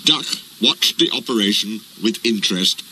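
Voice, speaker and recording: A man reading a children's train story aloud in an even, unhurried manner. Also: on the low side, a little hiss or hum, rough recording.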